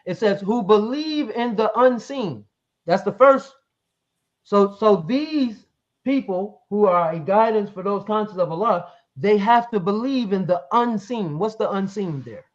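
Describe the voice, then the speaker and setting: A man with a high voice argues in a live online debate, reading verses aloud and pressing his opponent with leading questions. The stream audio sounds dull and lo-fi. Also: measured pace.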